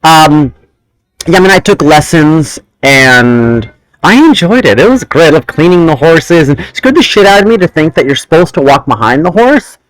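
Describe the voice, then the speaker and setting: A young man hosting a casual chat, telling a long personal story with quick asides and tangents. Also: on the high side, sing-song, dry recording, rough recording. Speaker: host.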